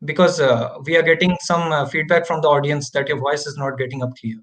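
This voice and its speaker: A man's voice: on the high side, steady tone, a little fast, fairly bright tone. A man moderating an online talk, polite and apologetic, often affirming the speaker. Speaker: webinar moderator. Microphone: video call.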